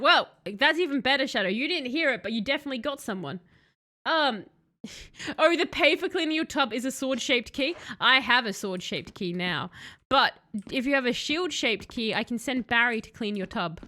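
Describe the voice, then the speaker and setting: Bright high-voiced woman streamer. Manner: chatty, sarcastic, talks to the game character and chat. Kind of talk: casual let's-play commentary.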